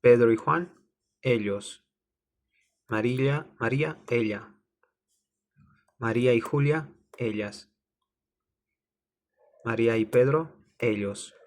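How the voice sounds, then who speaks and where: A man's voice: medium pitch, a little slow, pauses often, a little mellow. A man teaching a language lesson, spelling out words and repeating phrases over and over. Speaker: Spanish teacher. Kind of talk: slow, repetitive language lesson.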